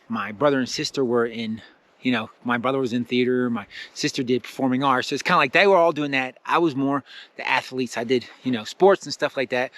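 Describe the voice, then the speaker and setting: A young adult man hosting a casual spiritual self-help talk, enthusiastic and rambling, full of fillers and excited exclamations. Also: mid-range voice.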